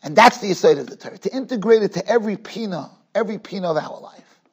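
A rabbi with a husky, high male voice tells a story quickly during a Torah class in a yeshiva study hall. He is animated, acting out dialogue and stretching words for emphasis.

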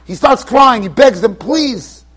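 A rabbi with a strikingly high, husky voice spins a tale for his students. He talks in an animated, conversational way, stopping now and then to check that his listeners are following. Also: moderate pace. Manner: animated storyteller, chatty asides to students. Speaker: rabbi giving a Torah class. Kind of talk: storytelling lecture. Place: yeshiva study hall.

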